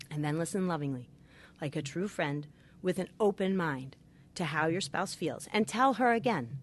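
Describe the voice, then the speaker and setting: Lowish-voiced woman therapist going through advice points, earnest and emphatic. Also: expressive, moderate pace. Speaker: marriage therapist. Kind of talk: advice talk with numbered points.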